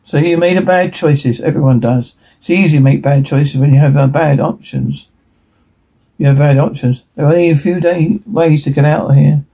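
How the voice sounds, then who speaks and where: A man reading a TV episode transcript aloud in a hurried way, stumbling and restarting words now and then. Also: a little high, creaky, dark tone, husky, poor audio. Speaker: reader.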